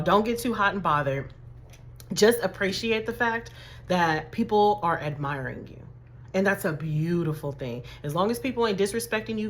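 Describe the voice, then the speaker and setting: Chatty animated woman life coach. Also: mid-range voice. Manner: animated, chatty, addresses viewers as y'all and baby. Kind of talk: motivational talk to camera.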